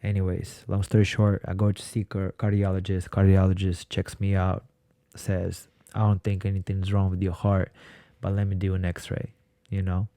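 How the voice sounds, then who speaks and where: A man's voice: deep voice, completely flat delivery, normal speed, few pauses, warm tone, dry recording, clean studio sound. A man from Ukraine, a podcast guest, telling his story in a blunt, casual way and swearing freely. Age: 20s.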